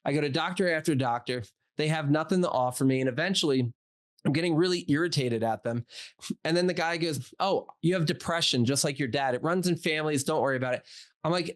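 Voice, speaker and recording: Man in his 40s, doctor guest on a podcast; animated storyteller who acts out quotes, fillers throughout, voice sits on the higher side. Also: quick pace. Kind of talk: casual storytelling in a podcast interview.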